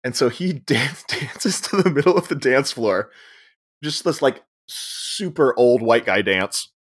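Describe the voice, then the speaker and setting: A male podcast co-host recaps a film's plot in casual conversation, his mid-range voice animated, unhurried, and a bit breathy. He tells it as a story, performs the characters' lines, and laughs a lot.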